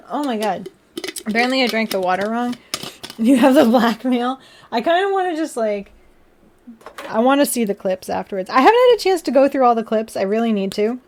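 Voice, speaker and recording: A woman's voice: fairly high pitch, lively intonation, a little fast. Giggly woman chatting on a live stream. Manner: giggly, chatty, laughs often between sentences; apologetic and self-mocking with chat. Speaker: livestreamer. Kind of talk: casual live-stream chat while building a model kit.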